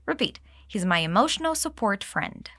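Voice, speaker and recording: A woman teaching English, explaining dialogue lines and modeling them slowly for learners to repeat. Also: mid-range voice, very animated, fairly bright tone, dry recording, clean studio sound. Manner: clear, slow modeling of phrases with exaggerated intonation. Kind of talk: English lesson with repeat-after-me drills.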